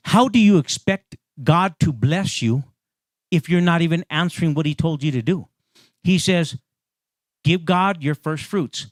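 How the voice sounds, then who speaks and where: Male pastor, conversational sermon, somewhat high voice, dry close sound, emphatic repetitions. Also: no echo. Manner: conversational preaching with frequent restarts, rising emphatic repetition.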